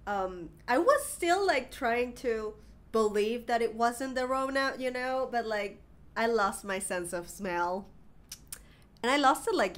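A woman with a congested, nasal voice from being sick, hosting a reaction video in rambling casual chat full of fillers and swearing. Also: mid-range voice. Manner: chatty, rambling with fillers and swearing, gushing excitedly while reacting. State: congested and recovering from illness, coughing.

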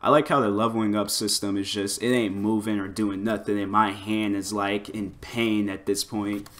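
A man giving loose, excitable commentary over his fighting-game play, full of exclamations and filler words. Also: on the low side, normal speed, faint music behind. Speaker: gameplay commentator. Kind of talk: casual gameplay commentary.

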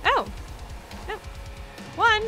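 A young woman commenting on her own gameplay, giggling, squealing and reacting excitedly. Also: extremely high pitch, very slow, faint music behind. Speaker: gameplay video host.

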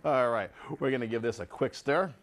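A man's voice: medium pitch, a little fast. Chatty man hosting a home cooking show. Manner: chatty, tasting food and talking to viewers as folks.

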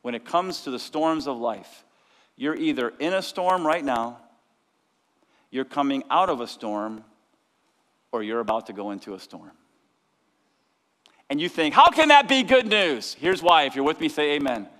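A male pastor preaching a lively sermon, sometimes shouting out the lines of the people in his story. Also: mid-range voice, moderate pace, long pauses. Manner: energetic preaching, acts out disciples' cries. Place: church sanctuary. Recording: long church hall reverb.

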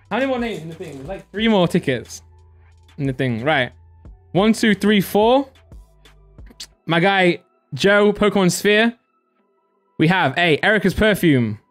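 A young man hosting a live stream, chatty and excitable, laughing often and giving shout-outs to viewers. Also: sits high, normal speed, long pauses, soft background music. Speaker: live-stream host opening card packs.

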